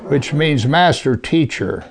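Man, older, preacher, gravelly voice, earnest sermon, scripture reading, hushed emphasis. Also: medium pitch, animated, takes it slowly. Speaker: pastor.

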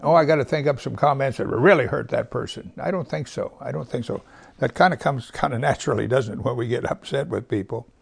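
Gravelly-voiced man teaching scripture. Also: mid-range voice. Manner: reads scripture slowly with heavy emphasis; drops to a near whisper at times. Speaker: pastor. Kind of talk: Bible teaching.

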